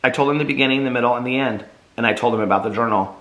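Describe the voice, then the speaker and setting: Bright-voiced man reading his own novel. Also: medium pitch, racing, echoey room, low-quality recording. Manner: emotional, earnest reading aloud. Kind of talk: first-person audiobook reading.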